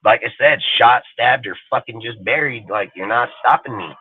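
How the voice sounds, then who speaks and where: A man's voice: medium pitch, moderate pace, husky, no echo. A man on a live sports fan show, ranting bluntly in profane, slangy street talk about his team. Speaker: podcast co-host. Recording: tinny phone-line audio.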